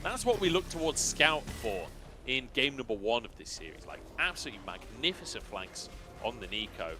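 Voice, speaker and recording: A man casting a live esports match, giving analysis with lively, laughing banter. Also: medium pitch, a little fast, music in the background. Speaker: esports caster. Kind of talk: live color commentary.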